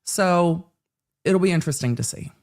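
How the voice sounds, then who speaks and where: A woman's voice: fairly low pitch, expressive, normal speed, a little mellow. A woman hosts a casual live legal commentary. She talks in a chatty, joking way and often makes asides to herself.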